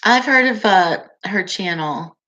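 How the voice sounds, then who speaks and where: A woman in her forties hosts a relaxed livestream and talks in an unhurried, drawn-out way. She chats loosely, reads comments aloud and laughs often. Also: mid-range voice. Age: 40s. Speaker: livestream host reading viewer comments. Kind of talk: casual live-stream chat.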